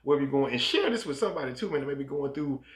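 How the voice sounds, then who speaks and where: A man in his thirties co-hosting a married couple's podcast, talking casually in a soft, low-key voice that sounds close to a whisper, and acting out quoted voices as he tells stories. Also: expressive, racing, echoey room. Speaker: podcast co-host. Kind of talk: casual chat.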